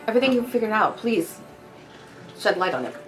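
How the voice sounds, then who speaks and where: A woman's voice: medium pitch, sing-song, quick pace, music in the background. Hesitant woman tabletop player. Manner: hesitant with fillers, laughs often. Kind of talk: tabletop role-play in character.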